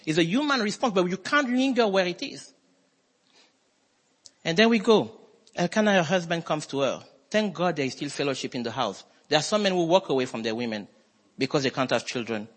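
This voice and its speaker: A man preaching a sermon as pastor, emphatic and swinging his voice between high and low. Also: expressive, fairly quick. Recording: long hall reverb.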